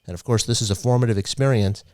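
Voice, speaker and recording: A man's voice: medium pitch, quick pace, darkish tone, dry recording, clean studio sound. A man co-hosting a podcast, explaining the history at length with frequent restarts. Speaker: podcast co-host. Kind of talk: podcast commentary.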